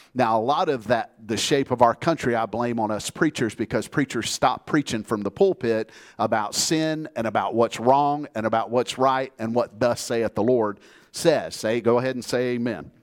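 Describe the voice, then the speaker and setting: A man from the United States preaching a sermon, telling a story in a plainspoken, earnest way and calling the congregation to say amen. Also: mid-range voice. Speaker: pastor.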